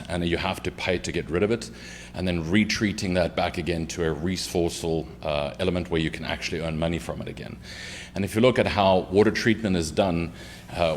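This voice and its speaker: A man's voice: sits low, slight background noise. A man with a South African accent, a company chief executive giving an explanatory business presentation to a city council. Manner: explanatory, with fillers.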